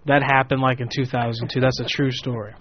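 A man's voice: medium pitch, fairly quick, a little hiss or hum. A young man in his twenties, hosting a show and telling a long rambling story with lots of swearing, acting out the people he quotes. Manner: rambling, profane, animated quoting of people. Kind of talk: casual storytelling. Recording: muffled lo-fi audio.

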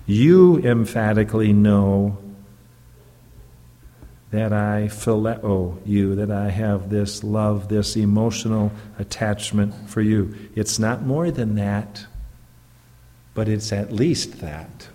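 A man's voice: fairly low pitch, slow, mellow, long reverb tail. A man who is a pastor preaching a sermon in an earnest, emphatic way, often stopping to check in with the congregation through rhetorical questions.

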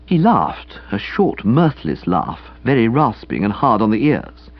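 A man's voice: on the low side, big pitch swings, a little slow, hardly any pauses, highs cut off. A man reading first-person comic novel narration in a wry, dryly comic storytelling manner. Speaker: audiobook narrator.

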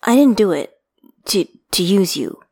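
A woman reading the lines of a guarded, calculating young man, quiet and wary. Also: medium pitch, expressive, measured pace, breathy edge, dry recording, studio quality.

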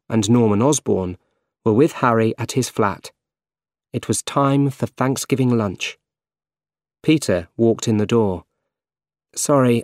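Slow, careful male storybook narrator. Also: medium pitch, darkish tone, dry recording, studio quality. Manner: slow, clear, carefully paced reading. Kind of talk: scripted narration of a graded reader story.

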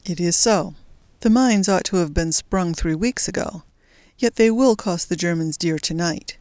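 A woman's voice: fairly low pitch, unhurried, a little mellow, no echo, natural voice. A woman reading an earnest young rebel. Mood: urgent. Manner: earnest, urgent. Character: young male resistance fighter, urgent and devoted.

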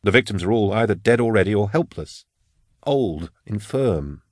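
A man reading the part of a wry male forensic scholar with a dry wit, explaining in a measured way. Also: lowish voice, dry recording. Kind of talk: audiobook character reading.

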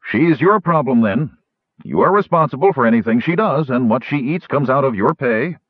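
A man's voice: mid-range voice, expressive, normal speed, husky, dry recording, pitched above the performer's own voice. A man voicing a blunt, commanding middle-aged herd leader, on a dull lo-fi recording.

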